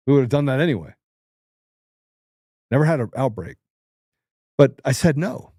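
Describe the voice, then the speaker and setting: Blunt middle-aged guy ranting on a talk show, warm low voice, no room echo. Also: animated, normal speed, pauses often, clean studio sound. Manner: blunt, combative and emphatic. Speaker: host. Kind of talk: political commentary.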